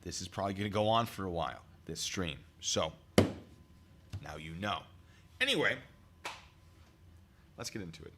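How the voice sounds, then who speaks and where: A man's voice: deep voice, normal speed, long pauses, very noisy. A man giving casual live-stream commentary at a desk mic, rambling and chatty with asides to his viewers. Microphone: desk mic pulled close.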